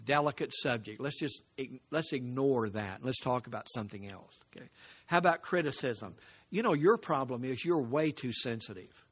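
An older man preaching a sermon, telling stories and asking rhetorical questions, swinging between emphatic and hushed. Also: medium pitch. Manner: conversational storytelling with rhetorical questions.

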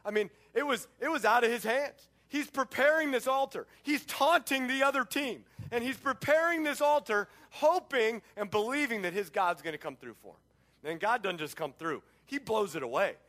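A middle-aged man preaching a sermon, telling the story in an animated way and breaking off into sports asides. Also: extremely high pitch, moderate pace. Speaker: pastor.

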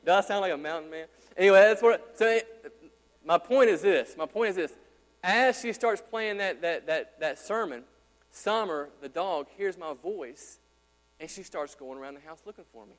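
A male pastor preaching a sermon in a church, talking conversationally and asking his congregation questions. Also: moderate pace. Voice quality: deep. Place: church sanctuary. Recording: hall reverb with mains hum.

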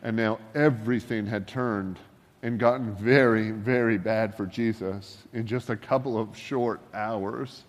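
A man preaching a sermon in a relaxed, joking, conversational way, full of asides and wry humor. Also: fairly low pitch, a little slow, big-room sound. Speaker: pastor.

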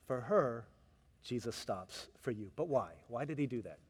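A man preaching a sermon, telling stories with voices, swinging from hushed tender passages to loud emphatic ones. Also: medium pitch, expressive, normal speed, husky, in a large hall. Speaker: pastor.

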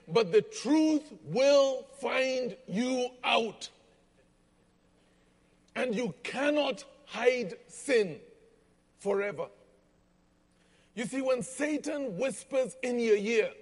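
A man preaching a sermon, slow and emphatic, repeating key lines for weight. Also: very high voice, big-room sound. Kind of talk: sermon with storytelling.

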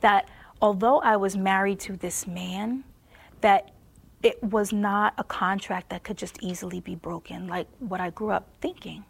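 A woman giving a Christian testimony sermon on marriage. She laughs often and drops to a soft near-whisper for emphasis. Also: mid-range voice, steady tone, measured pace, vocal fry, husky.

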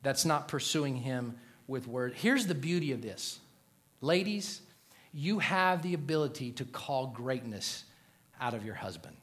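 A middle-aged man preaching a sermon to a congregation in a joking, animated way, swinging from loud punchlines to quiet, earnest asides. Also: medium pitch, a little slow. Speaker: pastor.

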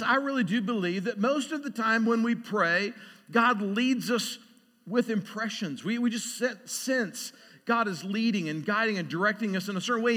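A man's voice: high voice, bright, forceful tone, in a large hall. A man preaching a sermon, talking through prayer and scripture and building to emphatic call-and-response.

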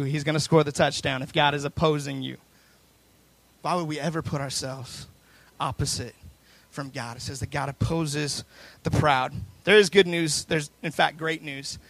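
A pastor delivering a sermon, his voice a bit higher than most men's and with a gravelly edge. He builds intensity through repeated, stacked phrases. The sound is close and dry, with no room echo. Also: a bit bright.

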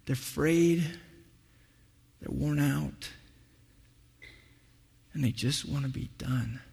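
A man preaching a sermon as pastor, telling stories in an animated way and acting out what people say. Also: fairly high pitch, slow pace, gravelly, breathy edge, long reverb tail. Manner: animated storytelling, acts out voices.

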